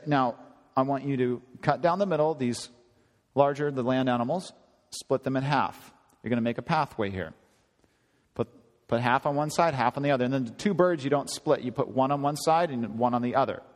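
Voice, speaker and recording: Lively pastor in a reverberant hall. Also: male voice. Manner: conversational, animated, rising to high emphasis. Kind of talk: sermon.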